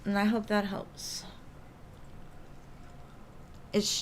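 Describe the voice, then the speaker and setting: A woman's voice: mid-range voice, measured pace, slight background noise. A woman doing live tarot readings, talking in a chatty, reassuring way with lots of casual fillers. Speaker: tarot reader.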